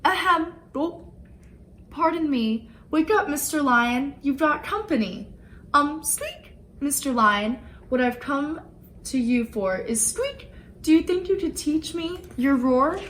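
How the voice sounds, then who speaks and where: A woman voicing a tiny, timid male mouse who speaks in a squeaky, politely hesitant way. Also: animated, slow pace, a bit bright, slight background noise, heavily acted.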